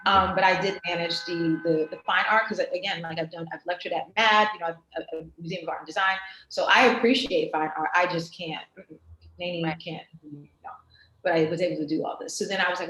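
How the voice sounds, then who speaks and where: A woman with a New York accent, talking as a guest on a video-call interview in an animated, emphatic way. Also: on the low side, fairly quick. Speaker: guest artist. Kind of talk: casual interview chat. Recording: roomy echo on a video call.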